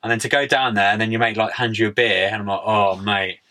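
A man's voice: lowish voice, steady tone, racing, pushed and bright. A young man chatting casually as a podcast guest, laid-back, full of slang and "mate". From United Kingdom. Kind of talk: casual interview chat.

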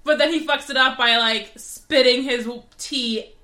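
A woman co-hosting a podcast in casual chat, chiming in with quick jokes and laughter. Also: sits high, steady tone, sharp tone, roomy sound. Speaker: podcast co-host.

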